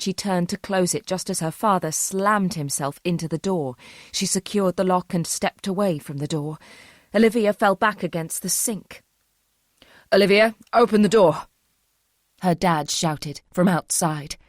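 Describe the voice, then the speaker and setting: A woman narrates a thriller audiobook from a script, her delivery measured and tense. Her pitch is fairly low, and the studio recording is clean with no echo.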